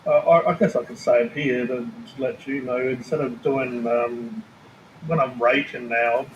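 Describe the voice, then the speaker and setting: A man's voice: medium pitch, steady tone, measured pace, lo-fi sound. Man in casual roomy chat. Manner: rambling, restarts often, swears casually. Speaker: food review video maker. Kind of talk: casual chat on a live stream. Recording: roomy space with faint ambient noise.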